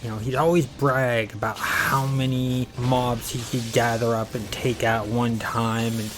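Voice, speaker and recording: A man's voice: medium pitch, level tone, unhurried, noisy background. A man hosting a gaming channel, casually telling a story in a rambling way, acting out the quotes.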